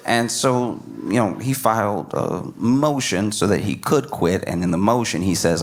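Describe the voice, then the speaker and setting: Man, stand-up comedian, animated, laughing delivery, clear background noise. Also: lowish voice, a little slow, few pauses. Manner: animated, laughing through lines, slips into quoted voices.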